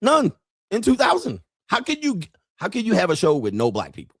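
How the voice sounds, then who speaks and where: A man's voice: high-pitched, wildly swooping pitch, brisk, gravelly, fairly bright tone, no room sound, studio quality. A man hosting a casual live stream, talking straight to his viewers in a brash, profane, rambling way with frequent laughter.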